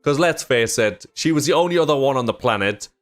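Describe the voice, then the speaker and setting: A young man hosting a reaction video, talking casually and excitably, swearing freely and laughing. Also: medium pitch, fairly quick, soft background music.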